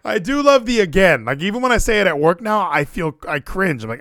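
A man co-hosting a casual streamed chat, excitable and rising to near-yells. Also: high voice, fairly quick, dry recording, studio quality. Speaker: podcast co-host.

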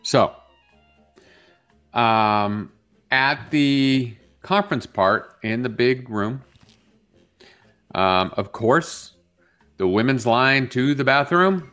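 A man co-hosts a morning show and spins a long anecdote in loose, casual chat. His voice sits at an ordinary middle pitch. He lifts into higher voices when he quotes others. Faint music plays under him. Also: drawn-out words, pauses often, clean tone. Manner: animated storyteller, jumps into high voices when quoting a woman. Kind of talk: casual radio chat, storytelling.

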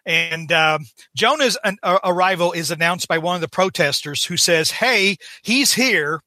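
A man guesting on a podcast, casually recapping a comic story. He talks in a halting way, full of fillers and small chuckles. His voice is high and very bright, recorded dry and close. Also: no echo.

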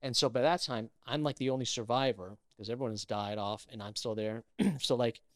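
A man's voice: mid-range voice, a little fast, no room sound, studio quality. A man, an actor, chatting as an interview guest, telling stories animatedly with many restarts. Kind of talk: casual interview chat.

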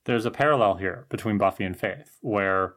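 A man's voice: lowish voice, moderate pace, fairly bright tone. A man co-hosting a podcast, talking through the episode thoughtfully with fillers like "you know". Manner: thoughtful, analytical, uses filler words. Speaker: podcast co-host. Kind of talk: casual recap chat.

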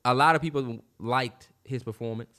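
A man's voice: medium pitch, moderate pace, fairly bright tone. A man co-hosting a podcast in casual chat, talking animatedly and emphatically with lots of slang and filler ums. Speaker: podcast co-host.

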